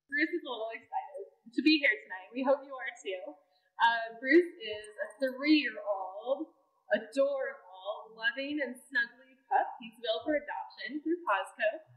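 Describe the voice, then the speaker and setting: A woman presenting a dog for adoption in an upbeat, warm manner. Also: on the high side, animated, normal speed, recorded from a distance, low-quality recording. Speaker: shelter volunteer. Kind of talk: pet adoption spotlight.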